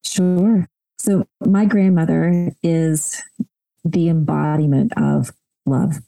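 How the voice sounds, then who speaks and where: A woman's voice: sits low, fairly even intonation, takes it slowly, gravelly, dark tone, no echo, low-quality recording. A woman in her thirties, a podcast guest, telling a heartfelt personal story in a reflective way, often repeating words as she gathers her thoughts.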